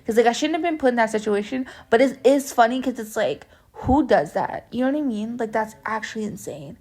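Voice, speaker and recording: A woman's voice: on the high side, lively intonation, brisk, darkish tone. A young woman vlogger chatting casually through a story time, meandering and saying "like" constantly. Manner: chatty and meandering, heavy use of "like".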